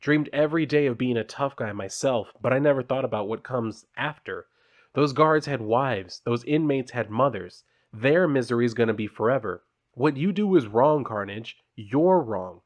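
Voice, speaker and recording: A man's voice: medium pitch, lively intonation, moderate pace, lo-fi sound, close to an everyday voice. A man reading an earnest remorseful teen boy. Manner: earnest, resolute. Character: remorseful teenage boy defying a killer.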